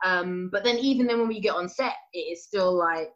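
A woman's voice: fairly low pitch, a little fast, muffled recording. A woman, a sketch comedy actor chatting as a podcast guest, laughing often and filling with "like". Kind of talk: casual podcast chat.

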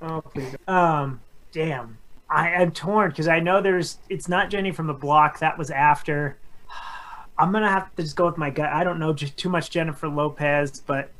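A man's voice: a little high, normal speed, fairly bright tone. A man chats loosely on a podcast, answering trivia questions in a jokey, rambling way. He riffs on each answer, wanders into tangents, and keeps the tone light and playful throughout. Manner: jokey, riffs and tries impressions. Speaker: podcast co-host and contestant. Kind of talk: casual podcast chat.

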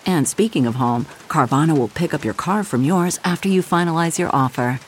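Low-voiced woman reading an ad. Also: animated, a little fast, slight background noise. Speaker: ad narrator. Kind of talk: scripted ad read.

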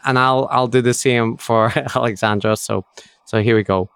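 A man's voice: medium pitch, steady tone, moderate pace, a bit bright, smooth, dry recording, clean studio sound. Wry, laughing male podcast co-host. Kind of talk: casual chat.

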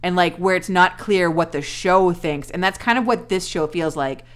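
A woman's voice: fairly low pitch, moderate pace. A woman co-hosting a podcast, chatting casually and sarcastically about a TV episode, swearing and acting out the characters' lines. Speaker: podcast co-host. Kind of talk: casual chat recapping a TV episode.

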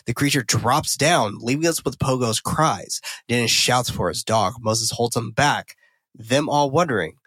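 A man in the middle range of pitch tells a film's plot scene by scene on a podcast, tripping over his words and fixing them as he goes. His talk is casual and profane. The sound is dry and close. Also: measured pace, a bit bright, husky, no echo. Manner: loose, profane, self-correcting storytelling. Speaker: podcast co-host. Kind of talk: casual film recap and discussion.

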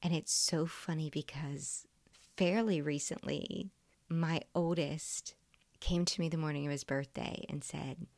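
A woman's voice: low-pitched, steady tone, unhurried, vocal fry, darkish tone, no echo. A middle-aged woman hosting a podcast, telling a personal story in a heartfelt, confiding way. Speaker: podcast host.

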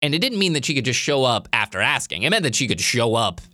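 Young man, casual storytelling, chatty with lots of fillers, very expressive pitch, middle-pitched voice. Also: quick pace, dry recording. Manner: chatty, lots of fillers, animated quoting of himself.

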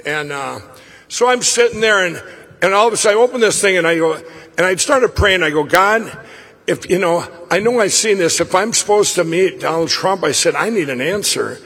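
Husky high-voiced guy rambling through a story, lots of restarts, big echoey hall. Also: normal speed. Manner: rambling, excitable, many restarts. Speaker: event speaker. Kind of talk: live personal storytelling speech. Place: summit venue, stage. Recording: long reverb of a large hall.

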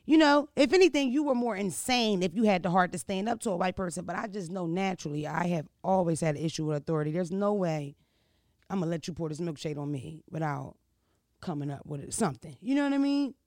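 Man, comedic storyteller, gravelly voice, dry close sound, crude and animated. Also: high-pitched, quick pace, dry recording. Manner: animated, crude, full of rhetorical asides.

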